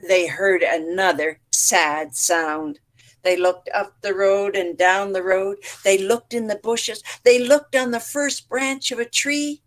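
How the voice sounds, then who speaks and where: A woman storyteller telling a folk tale to teachers in an online session, with lively animal sounds. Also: mid-range voice. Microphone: online session mic.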